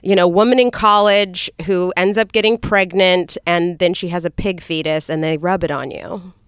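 A woman's voice: on the low side, fairly even intonation, moderate pace, clear, resonant tone, no echo, studio quality. A woman guest on a podcast, chatting casually and laughing often as she tells stories.

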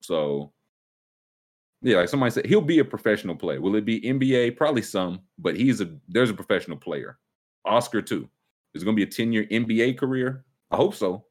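A man's voice: lowish voice, animated, a little fast. A man hosting a casual sports chat, joking and mock-incredulous. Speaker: show host.

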